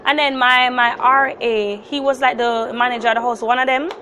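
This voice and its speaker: A nineteen-year-old Jamaican woman tells her story to camera in an animated, chatty way. Her voice sits high, and she keeps sliding into Jamaican patois. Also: moderate pace, noisy background. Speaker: vlogger.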